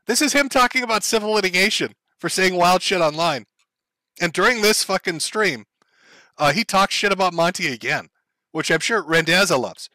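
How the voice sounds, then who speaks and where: A man's voice: high-pitched, animated, normal speed, sharp tone, no room sound. A man commenting on a clip for his stream chat, blunt and profane. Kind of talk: reaction commentary.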